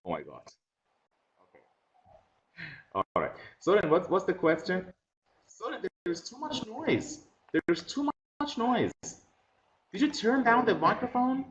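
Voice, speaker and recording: Guy teaching english online, says things twice slow, kinda muffled lo-fi mic. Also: high-pitched, huge pitch swings, a bit bright. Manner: patient, repeats questions and instructions slowly. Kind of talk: online class instruction. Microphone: computer mic on a video call. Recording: dull lo-fi video call audio.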